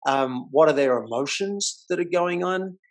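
A man hosting a podcast who talks in a relaxed, conversational way. He tells his stories with animation, and his voice jumps up when he acts out what other people said. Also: fairly high pitch, moderate pace. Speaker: podcast host. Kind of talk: casual podcast storytelling.

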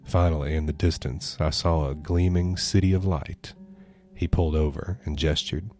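A man reading a horror story aloud as a podcast narrator, in a somber, measured way. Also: rumbling low, steady tone, darkish tone, soft background music.

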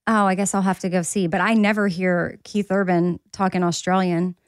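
Chatty mom co-hosting a podcast. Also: female voice, lowish voice, flat delivery, moderate pace, clean tone, no echo, clean studio sound. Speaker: podcast co-host; radio host and mom. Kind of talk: casual chat.

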